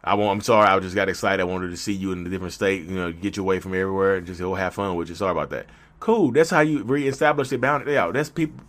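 A man with a lowish voice, talking straight to the listener in slangy, animated bursts. He preaches about saying no and keeps jumping into little acted-out skits as he goes. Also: racing. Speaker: mental health vlogger. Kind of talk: casual direct-to-camera monologue.

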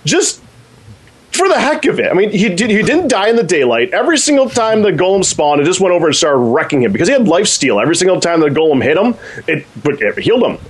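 A man on a podcast telling a rambling, excited story about a game, with many restarts. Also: high-pitched, quick pace, husky. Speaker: podcast co-host. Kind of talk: casual storytelling.

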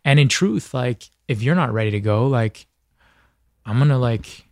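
A man's voice: medium pitch, animated, moderate pace, darkish tone, no echo. A man talks as a podcast guest, earnest and reflective, circling back and restarting his thoughts as he goes. His voice sits in an ordinary middle register. It is recorded close and dry on a studio microphone. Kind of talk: casual conversation.

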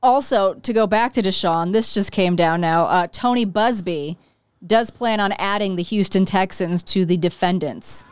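A woman's voice: mid-range voice, moderate pace, clear, resonant tone, no room sound. A woman co-hosting a sports talk show, reading news updates in a matter-of-fact way. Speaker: co-host.

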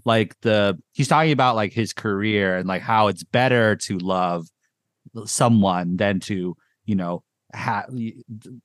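A man hosting a podcast in casual chat, rambling and excitable with lots of filler words. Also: lowish voice, measured pace, no echo, studio quality. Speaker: podcast host. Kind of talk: casual chat reviewing music.

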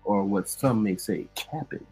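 A man with a Chicago accent, co-hosting a talk show and explaining his points in a measured, thoughtful way. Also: lowish voice, mellow, breathy edge, faint music behind, low-quality recording. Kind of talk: casual chat.

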